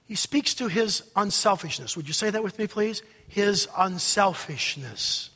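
A male pastor preaching a sermon dramatically, swinging from loud outbursts to hushed asides. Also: sits high, animated, measured pace, slightly rough, long reverb tail.

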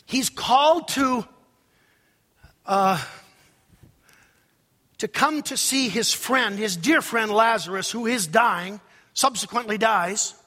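High, bright-voiced preacher in a hall. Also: male voice, takes it slowly, pauses often. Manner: dramatic preaching, swinging from loud outbursts to hushed asides. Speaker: pastor. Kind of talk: sermon.

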